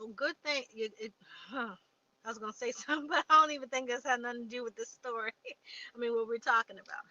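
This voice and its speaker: Woman livestream host, fairly high and bright, chatty, answers viewer comments; dull lo-fi stream audio. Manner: chatty, reads viewer comments aloud and replies. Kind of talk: casual live chat.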